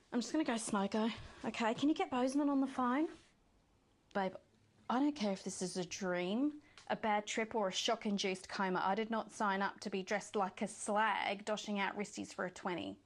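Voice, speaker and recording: An actress voicing a sly woman presenter who mockingly tempts the player toward being bad, in a video game. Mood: exasperated. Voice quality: purring, mocking, drawn-out teasing delivery. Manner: sneering and condescending, mimics others in high silly voices. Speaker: news anchor.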